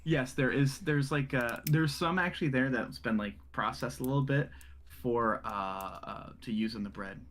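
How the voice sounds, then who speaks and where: A man's voice: mid-range voice, normal speed, fairly bright tone, slight background noise. A man narrating a tabletop game as game master, loose and full of fillers. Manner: loose, rambling, with many fillers.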